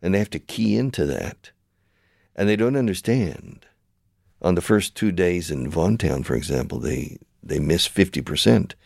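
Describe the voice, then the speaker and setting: An older man with a very low voice and a gravelly rasp, lecturing emphatically like a veteran teacher. He keeps circling back and restarting phrases to drive each point home, in a dry close sound. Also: lively intonation, normal speed, a little mellow, no room sound. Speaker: show host and language school founder. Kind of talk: conversational interview, teacherly explaining.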